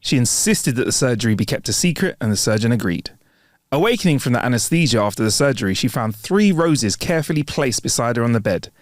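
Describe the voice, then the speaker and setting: Podcast co-host, man, lively voice, dry close mic, brisk joke delivery. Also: mid-range voice, no room sound. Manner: reads jokes briskly, laughs at punchlines. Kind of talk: casual joke-telling chat.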